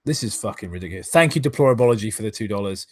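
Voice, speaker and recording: A man's voice: on the low side, lively intonation, very fast, darkish tone, breathy edge, no echo. A man reading aloud and commenting on a live stream, exasperated, sarcastic and swearing often, who stops now and then to thank viewers for donations.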